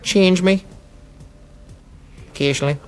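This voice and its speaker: A man's voice: sits high, unhurried, soft background music. A man hosting a comic radio show, teasing his guest in a cheeky, childish way.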